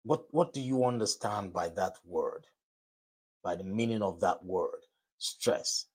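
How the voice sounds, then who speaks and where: A man hosting a live broadcast and podcast, giving a motivational talk in a deliberate, repetitive way that leans on key phrases. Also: sits low, breathy edge.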